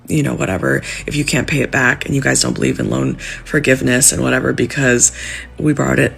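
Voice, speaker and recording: A woman's voice: deep voice, gravelly, a bit bright, husky. A young woman venting on a vlog, distressed and pleading as she talks about being stuck. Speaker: civil servant with student debt. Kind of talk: emotional vlog rant.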